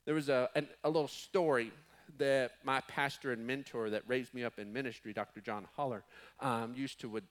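A man's voice: medium pitch, steady tone, moderate pace. A man preaching a sermon as pastor, emphatic, stretching key words and restarting phrases.

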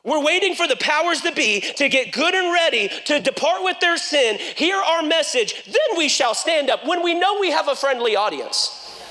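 Pastor, high voice, fervent sermon delivery that rises to shouting, with jokey asides. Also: male voice, sing-song, normal speed. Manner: fervent, builds to shouting, then jokes.

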